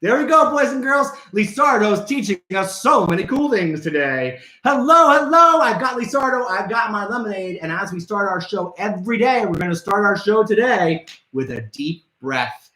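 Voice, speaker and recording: Brief: man hosting a kids' show, bright forceful voice, swoops up and down, echoey room. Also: high-pitched, expressive, moderate pace. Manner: playful, theatrical, calls out to viewers. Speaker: kids' trivia show host. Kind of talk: upbeat live show for children.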